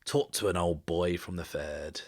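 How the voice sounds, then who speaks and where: A man puts on a worn-out old soldier, sick and drunk, muttering in a low, hushed voice. His speech comes out unfocused and rambling, often near a whisper. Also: measured pace, slightly rough.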